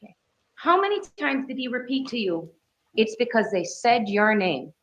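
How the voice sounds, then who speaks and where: A woman's voice: fairly high pitch, big pitch swings, normal speed. A woman attorney questioning a witness in court with firm, leading questions. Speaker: defense attorney. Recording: dull courtroom audio.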